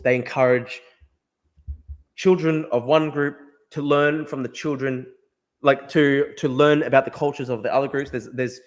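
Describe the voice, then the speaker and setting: An Australian man hosting a political livestream, talking emphatically, repeating himself and swearing freely. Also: mid-range voice. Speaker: livestream host. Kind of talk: casual political livestream talk.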